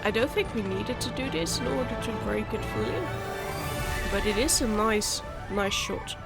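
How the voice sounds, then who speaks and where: A woman's voice: mid-range voice, animated, moderate pace, gravelly, slightly rough, faint music behind. A woman hosting a gaming channel, talking through a game in a chatty, candid way while nursing a sore throat. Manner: chatty, candid, muttering asides. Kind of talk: casual let's-play commentary.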